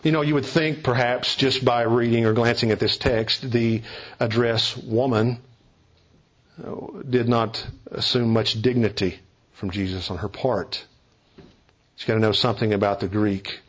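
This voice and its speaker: Guy preaching, husky voice, leans hard on the big words, kinda muffled lo-fi sound. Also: mid-range voice, steady tone, a little slow, a bit bright. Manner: earnest, emphatic preaching with stressed key phrases. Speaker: pastor. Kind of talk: sermon.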